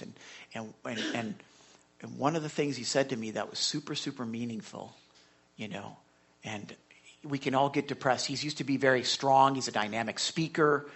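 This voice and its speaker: Gravelly, husky-voiced male pastor preaching. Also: mid-range voice. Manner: conversational, repeats words, drops to a whisper and swells loud. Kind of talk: sermon.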